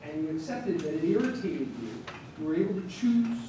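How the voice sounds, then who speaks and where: High-voiced man in an echoey room. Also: animated, brisk. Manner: thoughtful, explains his view. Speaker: seminar participant. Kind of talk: group discussion. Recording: echoey room, distant mic, noisy.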